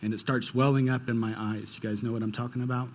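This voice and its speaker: A man's voice: medium pitch, level tone, quick pace, slight background noise. A young man preaching a sermon, telling a personal story in a casual, conversational way. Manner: conversational, storytelling with quoted dialogue. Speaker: pastor.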